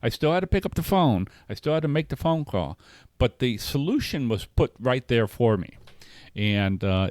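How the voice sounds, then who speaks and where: A man's voice: on the low side, a little mellow, dry recording. A middle-aged man talking candidly in a casual podcast conversation, telling personal stories with many fillers and restarts. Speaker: podcast co-host.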